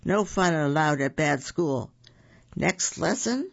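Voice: mid-range voice, expressive, slow, creaky, dry recording, exaggerated voice. A storyteller voicing a strict male principal who barks curt orders, on a dull recording. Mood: stern. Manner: curt and commanding.

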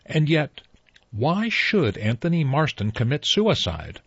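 A man narrating a mystery novel in a measured storytelling manner, on a dull lo-fi recording. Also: on the high side, big pitch swings, fairly bright tone, slightly rough, no echo. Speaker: audiobook narrator. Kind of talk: scripted narration.

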